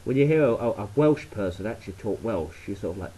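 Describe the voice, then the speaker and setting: English bloke ranting on his vlog, lowish mellow voice that swings up and down a lot, swears a lot. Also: animated, fast talker, a little hiss or hum, rough recording. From England. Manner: sweary, blunt and sarcastic. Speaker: vlogger. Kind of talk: rambling casual monologue.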